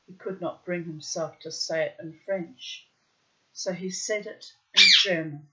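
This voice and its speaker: A woman reading a story aloud as narrator, in a measured, even narrating voice. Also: fairly low pitch, heavy background noise. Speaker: audiobook narrator. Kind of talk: scripted narration. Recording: dull lo-fi recording.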